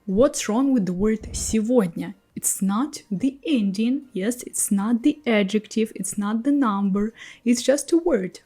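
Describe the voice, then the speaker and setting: A woman with Russian as her first language, explaining pronunciation rules patiently and slowly, repeating example words. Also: mid-range voice, warm tone.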